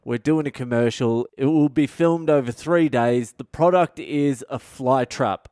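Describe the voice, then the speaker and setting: A man's voice: mid-range voice, measured pace, a little mellow, no echo, clean studio sound, close to an everyday voice. A man voicing a polite male Indian filmmaker with an Indian accent, explaining things patiently over the phone.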